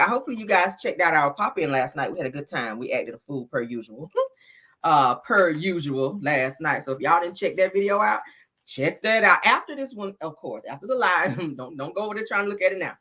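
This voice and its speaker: A woman hosting a celebrity news live stream, giving casual gossip commentary in a sassy, expressive way, calling viewers honey and child. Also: lowish voice, moderate pace.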